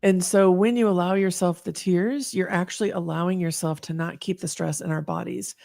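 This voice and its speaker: A woman with a low, gravelly voice speaks as a guest on a video call. Her delivery is encouraging and emphatic. The sound is dry and close, with no room echo. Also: fairly even intonation, brisk, darkish tone. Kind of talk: casual heartfelt talk-show chat.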